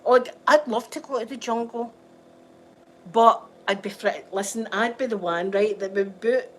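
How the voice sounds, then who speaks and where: A Scottish woman vlogs casually from home beside a window, telling rambling stories to her viewers and laughing often. Her voice sits on the high side with a fairly bright tone and normal speed, though the recording is rough.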